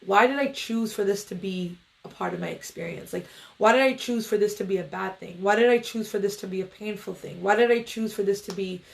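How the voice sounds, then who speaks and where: A woman's voice: mid-range voice, fairly quick, vocal fry. Chatty woman meditation coach on a livestream. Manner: loose, chatty, filler-heavy, greets viewers. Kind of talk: casual livestream talk.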